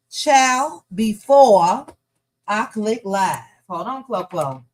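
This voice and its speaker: A woman hosts a casual celebrity gossip livestream from her home. She talks at an unhurried, slow pace in a mid-range voice, chatting and reading viewer comments aloud. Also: mid-range voice. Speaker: gossip show host.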